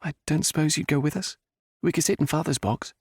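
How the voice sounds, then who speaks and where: A man voicing a playful young noble lady who teases in a lively way. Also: a little high, a little fast, breathy edge, dry recording, studio quality, pitched above the performer's own voice. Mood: pleading. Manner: teasing, lively.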